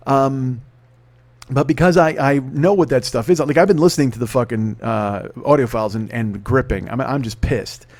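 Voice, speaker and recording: A man's voice: mid-range voice, moderate pace, a little mellow. A man in his forties hosting a solo podcast, talking casually and telling stories in a profane, ranting, self-mocking way. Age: 40s. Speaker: podcast host.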